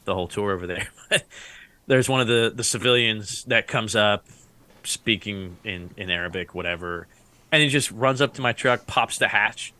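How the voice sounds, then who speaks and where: A man who fought in the Iraq War tells stories in a relaxed podcast chat. His voice is a little low but bright and forceful. He laughs through his stories and acts out the lines of people he met. The sound is dry and close to the mic. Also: moderate pace, no room sound. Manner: rambling, laughs often, acts out quotes. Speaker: Iraq War veteran guest. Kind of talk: casual podcast storytelling.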